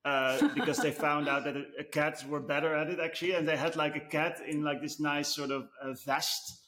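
A man chats loosely on a casual podcast, wandering through his thoughts with plenty of "you know"s. His voice sits a little higher than most men's. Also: moderate pace. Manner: relaxed, rambling, many fillers like "you know". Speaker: podcast co-host. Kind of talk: casual chat.

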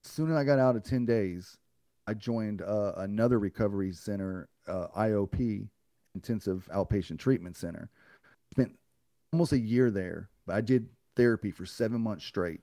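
A man's voice: lowish voice, normal speed, dark tone, no echo, studio quality. A man guest on a podcast, telling a personal story in a blunt, profane way and acting out what others said to him. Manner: blunt and profane, acts out others' lines in a raised voice.

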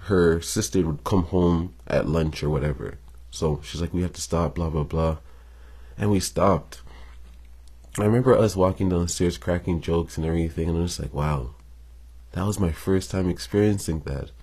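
A man's voice: deep voice, warm tone, slightly rough. A young man telling a personal story in a casual, slangy monologue, swearing freely and chuckling between lines.

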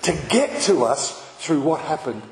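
A man's voice: on the high side, very animated, a little slow. Man, pastor, emphatic sermon, long hall reverb, noisy background. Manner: impassioned, emphatic, repeats phrases. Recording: echoey hall with background noise.

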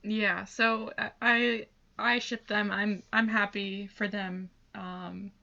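A young woman co-hosting a casual movie discussion, gushing and halting, with many fillers. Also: medium pitch, level tone, creaky, sharp tone, highs cut off. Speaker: podcast co-host.

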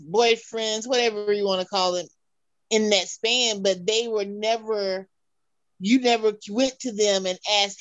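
A woman's voice: medium pitch, no room sound. A woman host, setting up a question for her guests with a long example. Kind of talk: casual chat.

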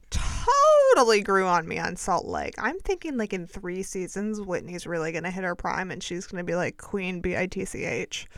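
A woman's voice: mid-range voice, a bit bright, smooth, no echo, studio quality. A woman hosting a podcast, talking in a chatty, sarcastic, self-deprecating way. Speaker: podcast host. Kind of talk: casual chat.

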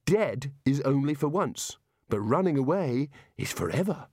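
A man voicing a cowardly, defiant male wizard in a storybook reading, high and indignant. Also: very animated, a little slow, a little mellow, husky, dry recording, clean studio sound, exaggerated voice.

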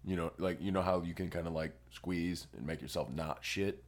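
A man's voice: deep voice, normal speed. A young man on a podcast, rambling through a crude story in casual chat. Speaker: podcast co-host.

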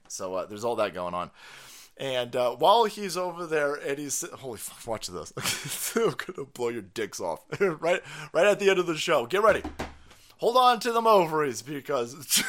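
A man's voice: fairly high pitch, very animated, normal speed, fairly bright tone. A man hosting a stream, ranting crudely and mockingly about politics and laughing often. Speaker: podcast host. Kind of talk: profane comedic political rant.

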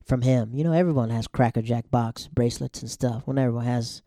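A man with a mellow, warm, medium-pitched voice recaps a TV episode in loose, slangy chat, jumping into the characters' lines in quick bursts. The recording is dry and close, with no room around him.

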